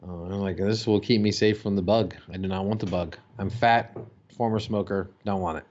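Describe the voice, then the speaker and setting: A man hosting a casual chat, reading listener jokes aloud with profanity and animated put-on voices. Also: deep voice, a little fast, lo-fi sound, a little hiss or hum. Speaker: podcast host reading listener questions.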